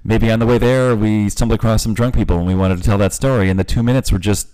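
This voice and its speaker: Male podcast host, 40s, low-ish voice, candid, joking, a bit profane. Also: fairly even intonation, fast, mellow. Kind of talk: casual podcast chat.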